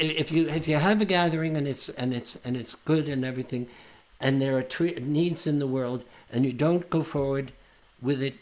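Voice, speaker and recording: A man's voice: medium pitch, darkish tone. An older man, a folk singer, talking earnestly and rambling, often restarting his sentences. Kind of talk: heartfelt casual chat after a song.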